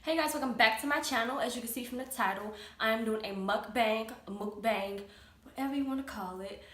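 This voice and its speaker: A woman's voice: on the high side, a little fast. A young woman vlogging casually at home, chatting while she eats in front of her camera. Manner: chatty, eating while talking. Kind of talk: casual mukbang chat. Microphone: camera mic. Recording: echoey room, faint ambient noise.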